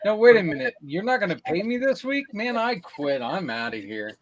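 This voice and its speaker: A man's voice: sits high, very animated, moderate pace, dry recording. A man who is a regular on the show, bantering in a mock-indignant, teasing way. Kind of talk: joking podcast banter.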